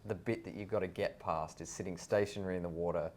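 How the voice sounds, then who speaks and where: A man hosting a casual podcast interview, who jumps in with quick technical clarifications and a steady stream of agreement. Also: deep voice, a little hiss or hum. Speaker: podcast host.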